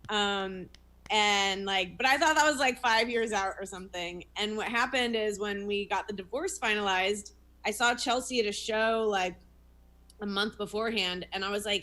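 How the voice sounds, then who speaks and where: A young woman comedian speaks over a video call, with a bright and sharp tone. She tells her story candidly and quickly, adding self-mocking asides along the way. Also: medium pitch. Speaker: comedian guest.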